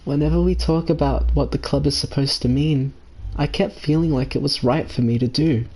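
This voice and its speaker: A man reading the lines of a gentle, earnest schoolgirl from a visual novel, in a soft, slightly raised voice. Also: fairly high pitch, steady tone, moderate pace, voice pushed up, natural voice.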